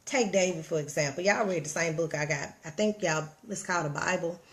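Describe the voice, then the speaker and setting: A Southern US woman vlogger gives a casual, animated, preachy motivational talk on a livestream, speaking straight to her viewers and reading out their comments. Her voice is lowish and her pace brisk.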